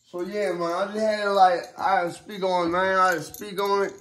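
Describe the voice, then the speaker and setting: A young man with a noticeably high voice delivers loose, rambling commentary straight to his audience. He leans hard on profane street slang and constant fillers and restarts. He grows emphatic and heated as he vents. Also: little pitch movement, fast talker, hardly any pauses, a bit bright, a little hiss or hum. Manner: heated and emphatic when riled up. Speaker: vlogger. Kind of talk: casual ranting commentary to camera.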